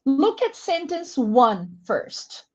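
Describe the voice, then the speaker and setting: A woman's voice: high voice, very animated, faint music behind. A woman with a Brazilian accent leading a live online webinar for English teachers, carefully explaining pronunciation and encouraging participants by name. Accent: Brazilian Portuguese. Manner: encouraging, reads out names from chat; slow, careful word-by-word explanation. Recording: muffled lo-fi webinar audio.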